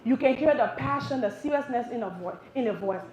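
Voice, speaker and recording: A woman from Liberia with a Liberian English accent doing animated live stand-up comedy, acting out voices as she goes. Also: a little high, fairly quick. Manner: animated, acts out voices, laughs through lines. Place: cafe stage with live audience. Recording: roomy, dull live venue recording.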